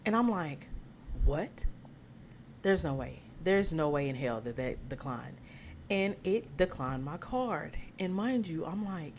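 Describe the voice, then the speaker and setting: A young adult woman vlogger telling a personal story in a casual, animated way, often saying "y'all" to her listeners. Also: sits low, a little hiss or hum.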